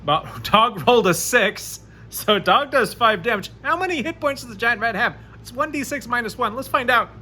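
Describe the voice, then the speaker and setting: A man narrating a solo tabletop game, chatty and animated as he rolls dice aloud. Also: very high-pitched, moderate pace, hardly any pauses, a little hiss or hum. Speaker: game master playing solo.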